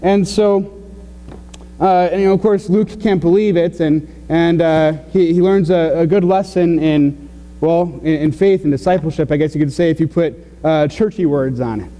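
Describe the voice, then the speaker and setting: A man's voice: on the high side, moderate pace, warm tone, big-room sound. A man preaching a sermon in a loose, conversational way, full of fillers and restarts. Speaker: pastor. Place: church sanctuary.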